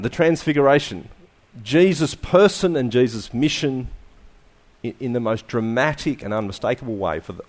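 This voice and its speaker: Animated male preacher with rhetorical questions. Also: mid-range voice. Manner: animated, rhetorical questions, drops to quiet endings. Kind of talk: sermon.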